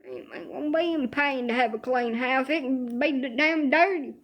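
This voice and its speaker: A woman's voice: sits high, moderate pace, dull audio. A woman, ranting profanely in a casual comedic monologue about her aching body. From Alabama. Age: 30s. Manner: profane, exaggerated complaining storytelling. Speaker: social media streamer.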